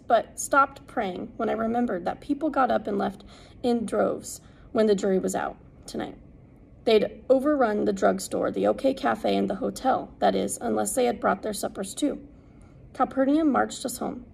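A woman narrating an audiobook in a steady, unhurried reading. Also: mid-range voice, gravelly, husky, poor audio. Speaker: audiobook reader.

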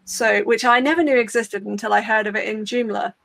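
A woman on a panel walking through practical steps in a clear, conversational way. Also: medium pitch, fairly even intonation, fairly quick, a bit bright, no room sound. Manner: clear, practical, step-by-step explaining. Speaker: open source community leader.

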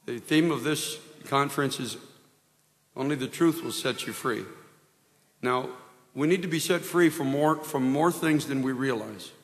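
A middle-aged American pastor preaching earnestly at an evangelistic rally, with prayerful exclamations and frequent restarts. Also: male voice, medium pitch, unhurried. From United States. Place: large hall. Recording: reverberant hall recording.

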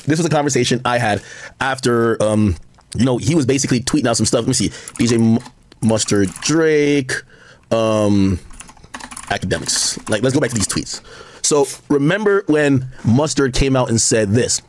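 A man giving rambling, excitable live-stream commentary, full of asides and quoted conversations. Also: medium pitch, normal speed, slight background noise. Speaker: livestream commentator.

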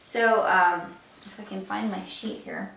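A woman fitness coach with a gravelly, fry-tinged voice delivers a motivational talk. She fires off rhetorical questions and leans on casual "you know" fillers. She sounds a little far from the mic in an echoey room with faint ambience behind her. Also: mid-range voice, steady tone, measured pace, a bit bright, a little hiss or hum. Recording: roomy echo, mic at a distance.

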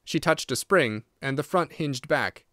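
A man's voice: a little high, lively intonation, unhurried, fairly bright tone, dry recording. Man narrating an audiobook, dry sound. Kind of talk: scripted narration.

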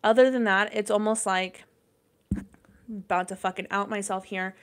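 A woman's voice: mid-range voice, fairly even intonation, moderate pace. A young adult woman hosting a podcast, talking casually, swearing a lot, rambling with plenty of fillers. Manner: profane, rambling, lots of fillers. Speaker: podcast host. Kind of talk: casual chat.

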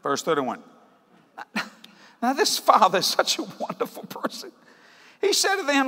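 A male preacher giving a sermon in an animated, joking way, often breaking into shouts. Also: very high-pitched, moderate pace, gravelly, long pauses, long reverb tail.

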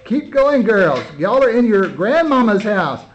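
A man's voice: high-pitched, big pitch swings, a little slow. A man directing and narrating a children's home play, coaching the kids through a rehearsal with patient, encouraging praise while he films. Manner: coaxing, encouraging, repeating praise. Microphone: handheld camera mic. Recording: slightly dull lo-fi camera audio with faint noise.

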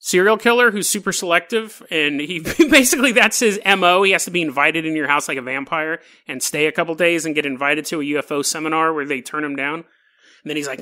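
A man's voice: a little high, fairly quick, pushed and bright. A man hosting a casual storytelling podcast, joking and laughing through wry asides. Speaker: podcast host.

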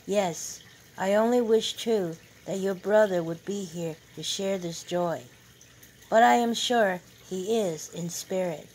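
A woman's voice: mid-range voice, takes it slowly, darkish tone, low-quality recording. A woman reading aloud, voicing a proud and bossy older mother who boasts about her son. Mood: wistful. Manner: boastful, emphatic.

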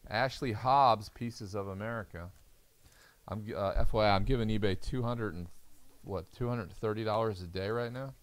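Guy doing a card break stream, kinda low and gravelly, sounds tired and yawny. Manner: chatty, reads out card names as he opens packs. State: tired and yawning. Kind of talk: casual live stream commentary.

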